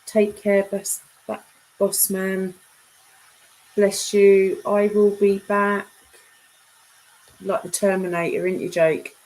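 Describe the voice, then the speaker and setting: A woman's voice: medium pitch, flat delivery, slow pace, long pauses, darkish tone, rough recording. A woman chatting casually on a live stream, reading viewers' comments and bantering with them, laughing often.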